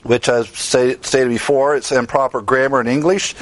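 A man's voice: medium pitch, steady tone, normal speed, no room sound. A man teaching the Bible in a sermon style, earnest and emphatic, stressing key words.

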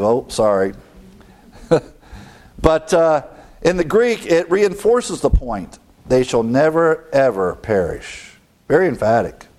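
Emphatic preacher with a high-leaning voice. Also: male voice, darkish tone. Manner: emphatic, rhetorical questions, quotes scripture aloud. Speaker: pastor. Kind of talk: sermon.

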